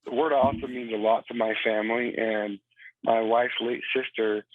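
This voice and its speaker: A man who served in the Marines phones into a radio interview from a Virginia cabin, telling lively stories. His medium-pitched voice moves little in pitch and keeps a moderate pace; the sound is dry and comes through a tinny phone line.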